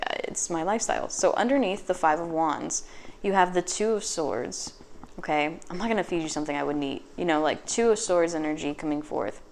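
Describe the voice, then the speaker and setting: A woman giving a casual tarot reading, chatty and sassy, swearing freely and tossing off quick acted asides. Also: fairly low pitch, slight background noise. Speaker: tarot reader.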